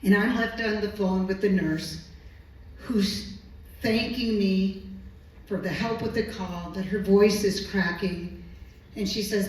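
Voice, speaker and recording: A woman who works as a medical interpreter tells a personal story on stage, slow, earnest and emotional. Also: mid-range voice. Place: stage at a live storytelling evening. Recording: echoey hall, distant mic.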